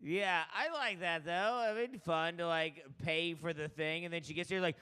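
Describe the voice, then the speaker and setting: A man's voice: a little high, moderate pace, sharp tone, slight background noise. A man hosting a comedy open mic, joking loosely and chatting with the crowd between acts.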